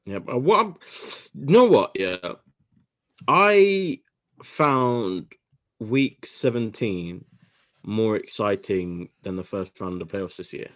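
A man hosting a casual sports podcast, talking quickly and correcting himself as he goes. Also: fairly low pitch, lively intonation, a bit bright. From United Kingdom. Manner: quick, self-correcting, talks over himself. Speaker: podcast host.

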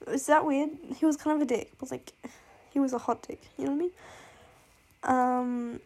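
Gushing, rambling woman with a high-ish voice. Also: fairly even intonation, moderate pace, a little mellow. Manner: rambling, gushing, swears freely, breaks into laughs and sighs. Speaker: booktuber reviewing fictional love interests. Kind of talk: casual chat.

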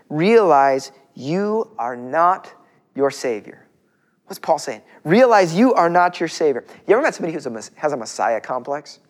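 A middle-aged male pastor preaching a conversational, emphatic sermon and asking his listeners questions. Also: high voice.

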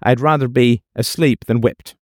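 A man's voice: mid-range voice, fairly even intonation, moderate pace, a little mellow, dry recording, studio quality, close to an everyday voice. A man voicing a resigned dog that reasons its way into giving in. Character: a resigned dog weighing drug against whip.

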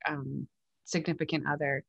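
Woman host, low-pitched, soft and reflective, dry close sound. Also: level tone, moderate pace, vocal fry, slightly rough, dry recording, dull audio. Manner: gentle, reflective, searching for words. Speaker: podcast host. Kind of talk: empathetic conversational interview.

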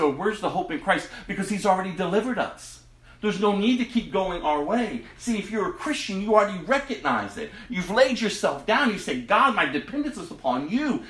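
A man preaching a sermon to his congregation, impassioned and dramatic, dropping to a hush and then rising to a loud cry. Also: sits high, roomy sound. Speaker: pastor.

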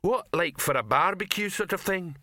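A man voicing slow, dim-witted male trolls with broken grammar in an audiobook. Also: high voice, expressive, bright, forceful tone, dry recording, studio quality, voice pushed up.

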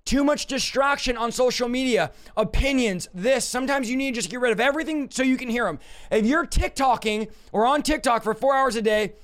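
A man's voice: extremely high pitch, brisk, a bit bright. A young man preaching a sermon directly to his listeners, with an emphatic manner. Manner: emphatic, direct, addresses listeners as "you guys".

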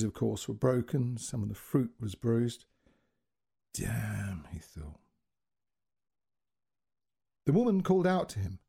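A man reading a short story aloud as a storyteller, with dramatic, expressive delivery. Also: medium pitch, vocal fry, husky.

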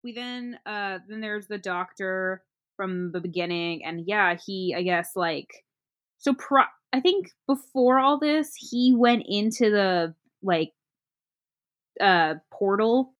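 A woman in casual chat, recapping a movie plot in a rambling, halting way with many fillers. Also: medium pitch, expressive.

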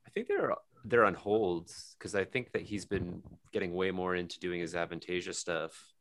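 Animated, low-voiced man telling anecdotes. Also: moderate pace, slight background noise. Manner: animated anecdote teller who laughs as he talks. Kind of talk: casual chat.

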